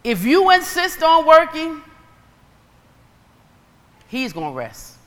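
A woman preacher giving a sermon in an animated storytelling way, acting out dialogue. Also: high-pitched, slow pace. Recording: long reverb of a hall.

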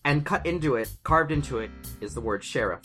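A man narrating a tabletop game as game master, casual and halting. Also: on the high side, lively intonation, a bit bright, soft background music. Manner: casual, halting, hesitant fillers.

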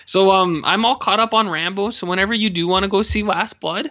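A man chats about a movie, animated and profane, breaking into goofy voices for the characters. His voice is bright and forceful, and the recording sounds dull and lo-fi. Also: high voice, a little fast. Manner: animated, profane, acts out film lines in funny voices. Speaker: podcast co-host. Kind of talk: casual movie chat.

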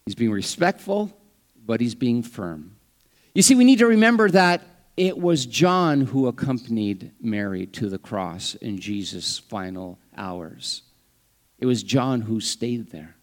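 Man, pastor, sermon, conversational, playful asides, acts out quotes, mid-pitched voice. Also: a little slow. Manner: animated preaching, acts out quoted lines with jumps in pitch and volume.

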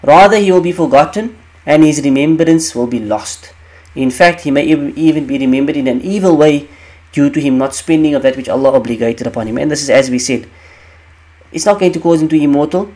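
A man's voice: on the high side, brisk, darkish tone. A man teaching the meaning of Quranic verses in an emphatic way, repeating key phrases and asking rhetorical questions.

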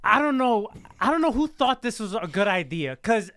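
A man hosting a casual wrestling talk show, animated and emphatic, often repeating himself as he makes his point. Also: high voice, moderate pace, no echo. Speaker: host.

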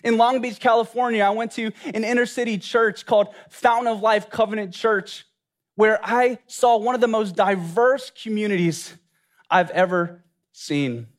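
High-voiced preacher. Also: male voice, fairly even intonation, moderate pace. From Louisiana, USA. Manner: earnest, with many reflective questions. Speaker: pastor. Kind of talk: sermon.

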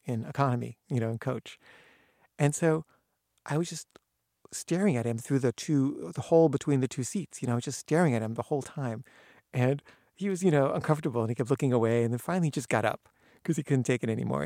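A man telling a personal anecdote in a halting way, with many fillers and restarts. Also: mid-range voice, vocal fry, warm tone, dry recording, clean studio sound. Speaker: storyteller. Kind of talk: personal anecdote told to camera.

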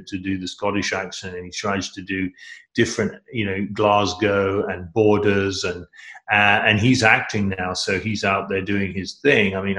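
A middle-aged man with a low, fairly bright voice chats casually as an interview guest. He's enthusiastic and rambling, frequently restarting his sentences, and the sound is roomy.

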